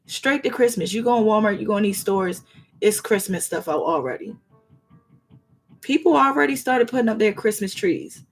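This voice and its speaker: A woman's voice: mid-range voice, normal speed, soft background music. A woman, giving earnest, colloquial advice during a live tarot reading and acting out little scenes. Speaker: tarot reader.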